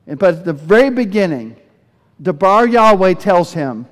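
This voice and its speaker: A man preaching a sermon as pastor, telling Bible stories in an animated way and acting out the speakers he quotes. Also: high voice, normal speed. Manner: animated storytelling, voices quoted speakers with bursts of energy. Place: church sanctuary. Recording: long hall reverb.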